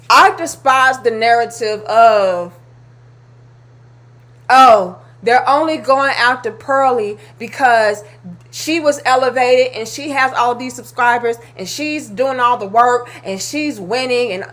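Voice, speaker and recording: A woman's voice: fairly high pitch, a bit bright. A woman hosting a commentary video, blunt and exasperated, swearing freely as she reacts to clips.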